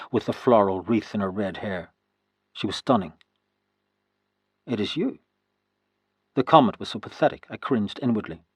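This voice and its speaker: Low, husky male audiobook narrator. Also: no room sound. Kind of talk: first-person historical fiction narration.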